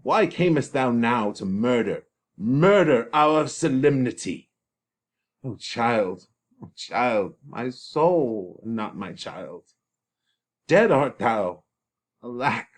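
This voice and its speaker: A man's voice: mid-range voice, animated, slow, pitched above the performer's own voice. A man reading aloud the part of a heartbroken aging father, anguished and sincere. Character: heartbroken aging father mourning his daughter.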